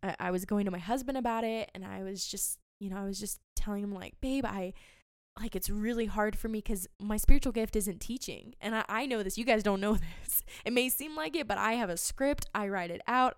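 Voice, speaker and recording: Earnest woman with a smooth voice. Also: mid-range voice, no echo, clean studio sound. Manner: earnest, emotional, many fillers and restarts. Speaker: podcast host. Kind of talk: faith podcast talk.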